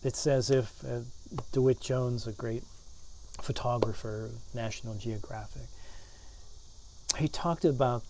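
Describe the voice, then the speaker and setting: A man's voice: medium pitch, fairly even intonation, unhurried, pauses often, warm tone, a little hiss or hum. A man, a pastor, giving a sermon in an earnest way, often repeating words as he builds his points. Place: church.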